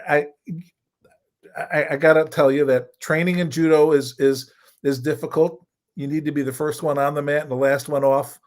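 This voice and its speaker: An older man who coaches judo and co-hosts a show gives casual coaching talk. His voice sits in the mid range, and his folksy style repeats points for emphasis.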